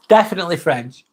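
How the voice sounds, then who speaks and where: English man, live stream host, chatty and laid-back, swears casually, slightly higher voice. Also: breathy edge. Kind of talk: casual live chat reading comments.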